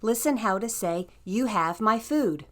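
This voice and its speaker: A woman's voice: medium pitch, lively intonation, measured pace. A woman narrating a scripted language lesson in an upbeat, encouraging way. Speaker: language teacher.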